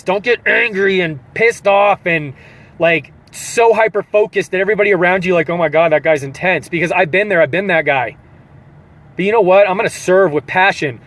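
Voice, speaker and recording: A man's voice: high-pitched, a bit bright. A man speaking as a fitness coach in an earnest, emotional motivational pep talk, repeating phrases for emphasis. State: holding back tears.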